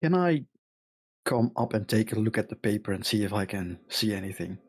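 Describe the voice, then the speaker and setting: A man's voice: on the low side, animated, a little fast, darkish tone, husky. A man playing in a tabletop game, talking casually and joking. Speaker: player. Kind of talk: casual chat at a gaming table.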